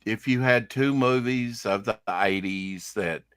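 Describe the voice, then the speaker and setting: A man's voice: lowish voice, measured pace, fairly bright tone, clear, resonant tone, no room sound, clean studio sound. A man chatting casually while gaming, rambling with many fillers and restarts. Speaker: streamer.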